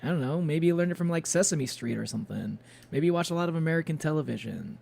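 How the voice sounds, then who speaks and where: A man's voice: fairly high pitch, lively intonation, quick pace, gravelly, a little mellow. A man streaming a game, chatting casually and rambling with lots of fillers and little chuckles. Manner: rambling, many fillers and restarts, chuckles often.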